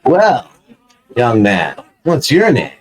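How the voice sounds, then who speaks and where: Smug washed-up clown comedian, played by a man, teasing and mock-friendly, wide swings in pitch. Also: wildly swooping pitch, takes it slowly, poor audio.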